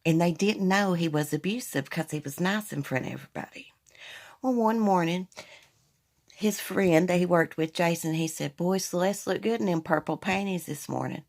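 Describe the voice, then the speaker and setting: A woman hosting a casual live chat, candidly telling personal stories to her viewers on a phone stream. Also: fairly low pitch. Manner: candid, storytelling, addresses viewers as y'all. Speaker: livestream host.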